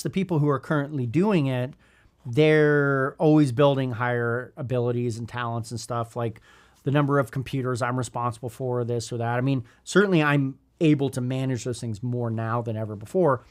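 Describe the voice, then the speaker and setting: A man in his thirties co-hosting a leadership podcast, talking in a thoughtful, rambling way with many restarts. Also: mid-range voice. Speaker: podcast co-host. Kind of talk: casual leadership podcast chat.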